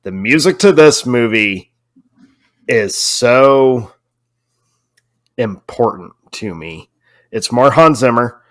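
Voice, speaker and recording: A man's voice: mid-range voice, animated, slow, pauses often, dry recording, clean studio sound. A man co-hosting a podcast in casual chat, teasing his co-host and speaking earnestly about what matters to him. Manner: teasing, then earnest and reflective.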